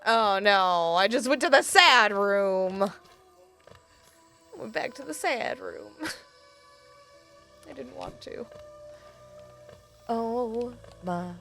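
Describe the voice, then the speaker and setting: A woman's voice: on the high side, expressive, very slow, creaky, long pauses, pushed and bright, soft background music. A woman streaming a game, talking casually with sarcastic, self-mocking commentary and frequent swearing.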